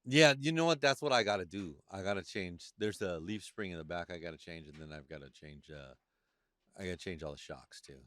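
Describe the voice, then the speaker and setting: A man hosting a casual podcast chat, telling animated stories and swearing freely. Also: low-pitched, brisk, no echo. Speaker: podcast host.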